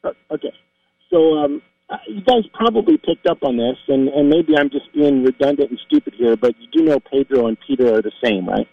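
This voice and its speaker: A man's voice: medium pitch, very animated, fairly quick, vocal fry, dry recording. A man calling in to a radio show, speaking in a mild, hedging, agreeable way over a phone line. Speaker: radio caller. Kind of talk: call-in conversation.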